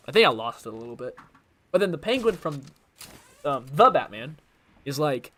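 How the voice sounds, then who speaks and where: A man's voice: mid-range voice, expressive, quick pace, pushed and bright. A young man streaming a video game, rambling casually and trying out voice impressions between moves. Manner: chatty, jumps between topics, tries voice impressions.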